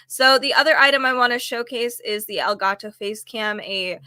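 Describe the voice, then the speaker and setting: Bright-voiced chatty woman vlogging deals. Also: a little high, normal speed, smooth, no echo. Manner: chatty, rambling, self-deprecating. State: slightly losing her voice. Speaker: booktuber showing sale items. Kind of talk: casual product vlog. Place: home office. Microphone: desk microphone on camera.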